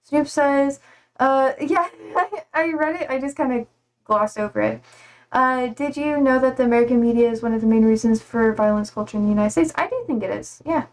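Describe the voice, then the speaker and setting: Rambling woman streamer, slightly high voice. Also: fairly quick. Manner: rambling, laughing, self-deprecating. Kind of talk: casual chat reading live chat.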